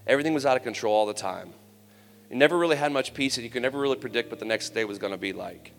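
A man's voice: medium pitch, rapid-fire, creaky, a bit bright. A man giving a personal testimony sermon at a youth camp, telling his story in a candid, conversational way with humor. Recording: long hall reverb, faint music.

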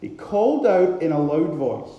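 A man preaching a sermon with dramatic delivery, now and then acting out loud shouted cries. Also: on the high side, sing-song, moderate pace, dull audio. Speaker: pastor. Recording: very echoey hall.

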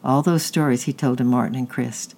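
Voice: medium pitch, fairly even intonation, brisk, gravelly, a little mellow. A narrator voicing Kate, an earnest schoolgirl who sounds upset and remorseful. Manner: pleading, upset.

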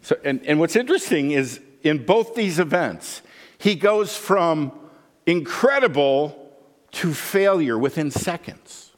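A man preaching a sermon as pastor, animated and humorous, acting out the voices he quotes. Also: a little high, takes it slowly, big-room sound.

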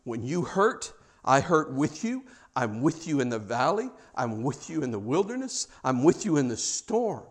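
A man with an American accent voicing God in a sermon, speaking in a soft, hushed, tender tone. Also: mid-range voice, sing-song, moderate pace. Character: gentle loving male God speaking softly.

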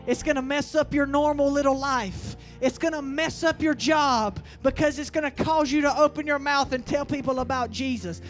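A man delivers a fiery revival sermon in a strikingly high voice. He drives key lines loud, then draws others out slow and heavy. Faint music plays behind him. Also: fairly even intonation. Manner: preaching with rising bursts and slow emphatic lines. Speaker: preacher.

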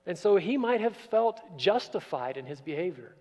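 A man preaching a sermon, expressive, moving between loud emphatic passages and quiet, low asides. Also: moderate pace. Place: church sanctuary. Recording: church with long reverb.

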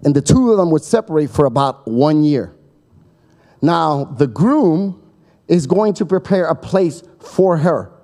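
A man's voice: fairly high pitch, lively intonation, unhurried, dark tone. A man preaching a sermon, telling a story in a chatty way, acting out voices and often checking in with his listeners. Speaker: pastor.

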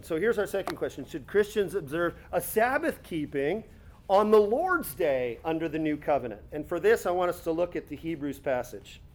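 A man preaching a conversational sermon, teaching with rhetorical asides and quick self-corrections. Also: sits high, a little mellow. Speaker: pastor.

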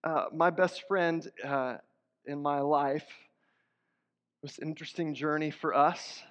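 Earnest preaching man, high voice. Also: fairly even intonation, slow, fairly bright tone. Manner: earnest, conversational preaching with rising emphatic bursts. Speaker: pastor. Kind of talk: sermon. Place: church sanctuary. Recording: dull sound in a hall with long reverb.

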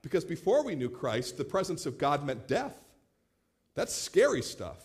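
A pastor in his late thirties delivers an animated sermon, acting out the voices of those he quotes and repeating words as he begins phrases. His voice sits a little high, and he speaks at a normal speed.

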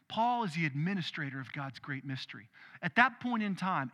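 A male pastor preaching a sermon in an animated, conversational way, with quick asides. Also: high voice, long reverb tail.

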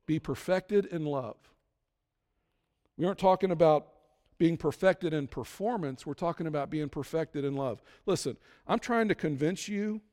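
High-pitched guy preaching, gets fired up and loud, big reverby church hall. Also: normal speed. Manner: impassioned, rises to loud emphatic peaks. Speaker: pastor. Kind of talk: sermon.

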